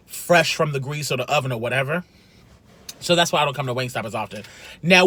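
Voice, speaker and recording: A man chatting casually while eating, a food vlogger with an animated, sassy way of talking, recorded in a parked car. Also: on the high side. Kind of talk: casual mukbang chat.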